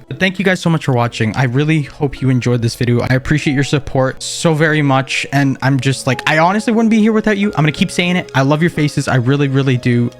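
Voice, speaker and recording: A man hosting a gaming video, with goofy, excitable let's-play commentary. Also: mid-range voice. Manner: goofy, excitable, big emotional swings. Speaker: gaming YouTuber.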